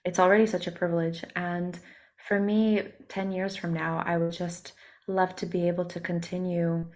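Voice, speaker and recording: A woman singer with a hoarse voice from a cold, speaking softly with many pauses in a casual interview. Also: lowish voice, little pitch movement. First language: Russian. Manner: soft-spoken, many ums and pauses. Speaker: singer and musician, interview guest.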